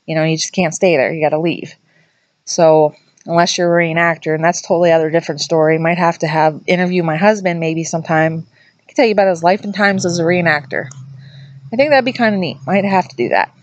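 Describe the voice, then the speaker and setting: A woman's voice: fairly low pitch, quick pace, lo-fi sound. A woman vlogger casually telling a ghost story, chatty and rambling, often correcting herself mid-sentence.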